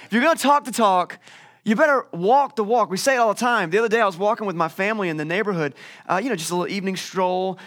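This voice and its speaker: A male pastor preaching a sermon from a church stage, telling stories in a lively way with frequent restarts. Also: high voice. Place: church stage with a screen behind him.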